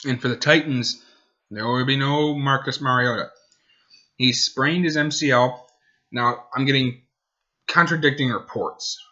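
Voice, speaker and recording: A man's voice: mid-range voice, steady tone, a little slow, pauses often, bright, forceful tone, lo-fi sound. A man hosting a casual sports podcast, rambling and correcting himself as he goes. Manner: rambling, self-correcting, talks to his dog. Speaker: podcast host.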